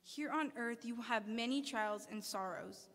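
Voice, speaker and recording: A woman's voice: fairly high pitch, moderate pace, fairly bright tone. Earnest young woman preaching in a reverberant hall. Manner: earnest, puts questions to the audience, reads scripture aloud. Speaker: student speaker. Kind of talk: sermon.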